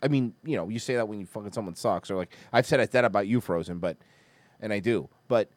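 A man's voice: lowish voice, quick pace, no room sound. A man hosting a comedy podcast, ranting crudely and mocking his targets with explosive outbursts. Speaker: podcast host. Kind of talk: profane comedy rant.

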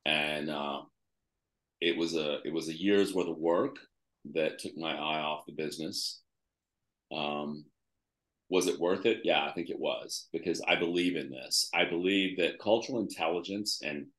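A man's voice: extremely low pitch, normal speed, a bit bright, reverberant. A man being interviewed as a guest author, talking conversationally and listing examples with fillers.

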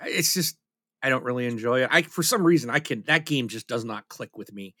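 This man co-hosts a podcast, chatting in a loose, candid way with a touch of self-deprecation and plenty of restarts. He speaks a little fast in a bright, forceful mid-range voice, and the recording is dry with no room sound.

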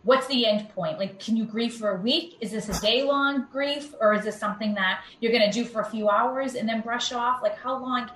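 A woman's voice: fairly high pitch, normal speed, hardly any pauses, a bit bright, echoey room, slight background noise. A woman podcast host asking probing, affirming questions. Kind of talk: podcast interview.

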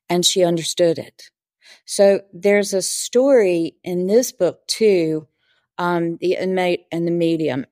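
Lady medium telling a story, lowish voice, dry close sound, acts out the dialogue. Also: a little mellow, no room sound. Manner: earnest, vivid storyteller who acts out dialogue. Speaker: spiritual teacher and medium. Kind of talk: interview storytelling.

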